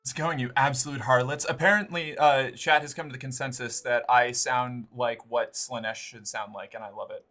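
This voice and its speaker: A man's voice: mid-range voice, steady tone, moderate pace, hardly any pauses, pushed and bright. A man in his forties chatting casually and profanely while streaming a game, rambling and cutting himself off mid-thought. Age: 40s. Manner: rambling, profane, self-interrupting. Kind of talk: casual live-stream chat while gaming.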